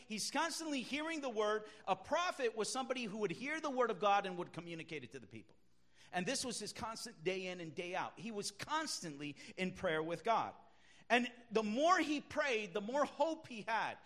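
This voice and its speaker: A man preaching a sermon as pastor, emphatic, swinging between quiet talk and loud shouts. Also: high-pitched.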